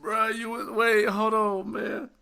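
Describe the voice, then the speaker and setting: A man co-hosting a podcast, reacting with loud laughter and profane disbelief in casual chat. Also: sits high, level tone, slow, gravelly, smooth. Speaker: podcast co-host.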